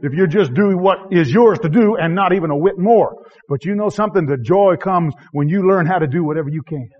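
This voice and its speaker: A high-pitched man preaches a sermon, swinging between shouting and hushed tones and chuckling as he goes. His voice comes through a dull, lo-fi recording with muffled highs. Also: a little fast. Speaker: missionary preacher.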